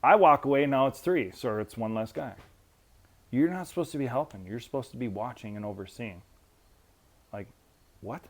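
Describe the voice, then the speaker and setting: A man in his fifties, a military veteran, telling stories in a profane, animated way and acting out quotes. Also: medium pitch. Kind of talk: casual storytelling.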